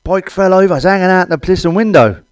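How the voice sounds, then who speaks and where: A man's voice: high-pitched, quick pace, no room sound. A middle-aged British man doing a crude stand-up comedy monologue, blunt and cheeky, swearing often. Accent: British English.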